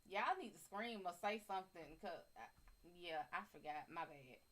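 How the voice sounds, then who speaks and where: A woman's voice: lowish voice, expressive, moderate pace, a bit bright. A woman hosting a live tarot stream in casual chat, blunt, profane and brassy, greeting viewers by name and calling them honey.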